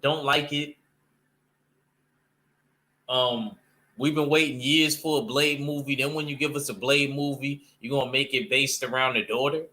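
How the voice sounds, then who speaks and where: In a steady, pushed and bright mid-range voice, a male comic book vlogger talks comics at a moderate pace, leaving long pauses. It's a rambling casual chat peppered with slang and fillers.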